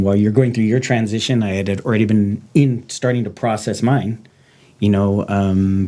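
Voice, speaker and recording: In a lowish, darkish voice, a middle-aged man who used to work in law enforcement talks on his podcast. The conversation is candid, and his manner is raw, blunt, and heartfelt.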